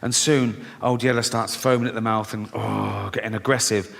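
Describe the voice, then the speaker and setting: A man's voice: on the low side, steady tone, normal speed, gravelly, fairly bright tone. A man doing a live stand-up set, telling stories in a chatty way, often tagging lines with "right?" and swearing freely. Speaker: stand-up comedian. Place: large theatre stage. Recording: echoey theatre with audience in the room.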